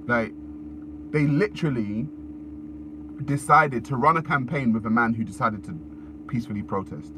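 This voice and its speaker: A man's voice: mid-range voice, normal speed, long pauses. A man ranting casually on a live stream into his phone, swearing often and repeating himself as he searches for words. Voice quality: animated, profane, repetitive. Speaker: livestreamer. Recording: background noise with passing vehicles.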